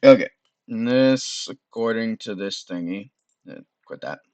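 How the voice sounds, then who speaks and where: A man's voice: fairly low pitch, animated, a little slow, darkish tone, no echo. A man casually playing through a browser game, reading its text aloud and muttering to himself. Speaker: game streamer. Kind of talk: let's play with read-aloud game text.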